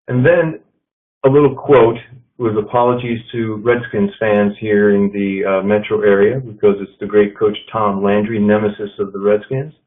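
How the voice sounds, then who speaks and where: Guy giving a leadership talk, lowish voice, thin phone-like audio. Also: steady tone. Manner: measured, storytelling with quotes. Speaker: leadership speaker. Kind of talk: presentation to an audience. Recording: tinny phone-like sound.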